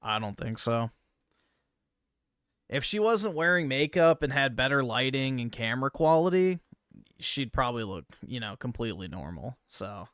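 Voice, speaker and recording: A man hosting a livestream, chatting casually with viewers and swearing freely, trailing off into low mumbled asides. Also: sing-song, normal speed, a bit bright, no echo, clean studio sound. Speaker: livestream host. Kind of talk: casual stream chat.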